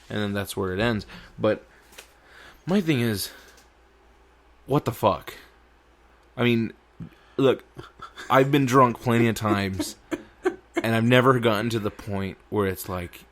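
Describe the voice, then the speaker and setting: A man co-hosting a podcast in casual chat, crude and animated, swearing a lot and tripping over his words. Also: fairly low pitch. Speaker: podcast co-host.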